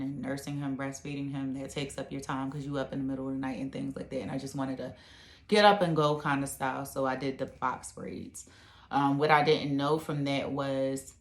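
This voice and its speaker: A woman's voice: very deep voice, fairly bright tone. A woman vlogger chatting casually to her camera at home, rambling with lots of fillers. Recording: echoey room.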